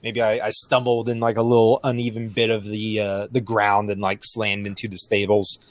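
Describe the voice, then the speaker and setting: Low-voiced man playing a tabletop game. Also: completely flat delivery, normal speed, dry recording. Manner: casual, rambling, with filler words. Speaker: player.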